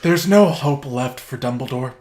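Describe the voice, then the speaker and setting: A man co-hosting a comedy podcast, telling a story in a mock-grandiose, deadpan way. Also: medium pitch, moderate pace. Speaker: podcast co-host. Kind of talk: casual comedy chat.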